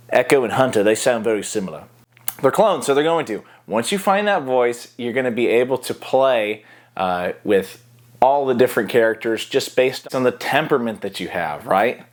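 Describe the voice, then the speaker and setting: A man with a gravelly, fry-tinged voice walks through a voice acting lesson in a relaxed tutorial tone. He explains things plainly and easily, slipping into quick character demos along the way. His pitch sits in a middle range for a man. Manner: easygoing, explanatory, breaks into voice demos. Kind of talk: casual how-to tutorial.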